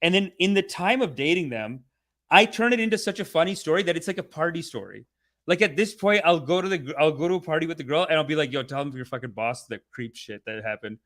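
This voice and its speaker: A young man hosting a casual, rambling review, profane and animated, who slips into mock voices for the people he describes. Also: a little high, fast. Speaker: show host reviewing a documentary series.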